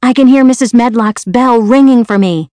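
A kind young maid with a Yorkshire accent chatters on warmly, as a woman puts her on. The storybook voice sits a little higher than the reader's own. It is heard close and dry, with no room around it. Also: moderate pace, no echo, natural voice. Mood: chatty.

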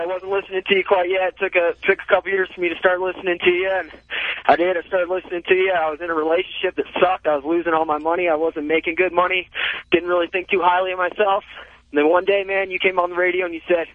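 A male caller on a tinny phone line, his voice slightly high and dry. He talks earnestly and gratefully, in plain everyday speech. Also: no echo. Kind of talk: call-in phone call.

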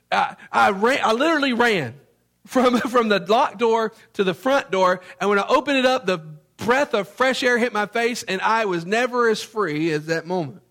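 Speaking in a very high voice, a man from Memphis, Tennessee preaches a sermon, telling it like an animated storyteller who acts out each scene.

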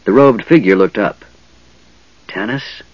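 Guy reading a fantasy audiobook, husky and lowish, very animated, dry dull recording. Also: normal speed, no echo. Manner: dramatic, expressive reading. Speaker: audiobook narrator. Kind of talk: scripted fantasy narration.

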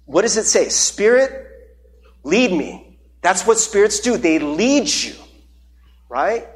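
A man's voice: sits high, big pitch swings, slow pace. A young adult male pastor preaching a sermon, earnest and openly emotional, often checking in with "right?".

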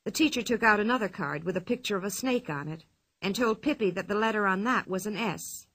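A woman reading a children's story aloud with an expressive, clear delivery. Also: mid-range voice, a little fast, no echo. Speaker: narrator.

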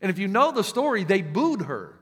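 A man with a Southern US accent preaches in a high, bright voice. He tells stories with emphatic repeats. His voice rings with the long reverb of a large church hall. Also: sing-song, a little fast, husky. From United States. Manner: emphatic storytelling preacher with many restarts. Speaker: pastor. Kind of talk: sermon.

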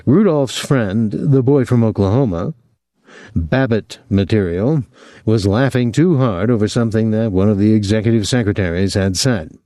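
A man narrating a novel as an audiobook in a measured, expressive storytelling voice, on a close microphone. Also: fairly low pitch, no echo. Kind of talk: scripted narration.

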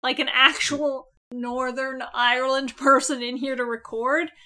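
Woman co-host, high bright voice, dry sarcastic delivery. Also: steady tone, measured pace. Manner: dry, sarcastic, swears casually. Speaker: podcast co-host. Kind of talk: casual chat reviewing a cartoon.

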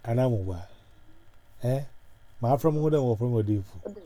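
Ghanaian man, loose rambling talk full of fillers, very dark tone, dry close sound. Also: mid-range voice, animated, normal speed, dry recording. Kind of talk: casual chat mixing pidgin and Twi.

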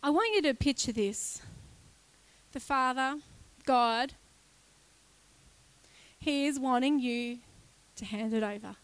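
A woman's voice: high-pitched, slow, long pauses, smooth. A woman leading worship, speaking earnestly in short phrases and inviting people to pray. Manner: earnest, imagery-led, short spoken phrases. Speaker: worship leader. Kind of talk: sermon-style exhortation at a worship service.

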